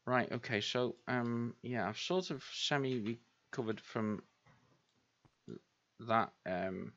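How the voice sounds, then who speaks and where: A man's voice: mid-range voice, slow, a bit bright. A man hosting a gaming video, commenting on his own play and scolding himself in exasperated outbursts. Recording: dull lo-fi sound.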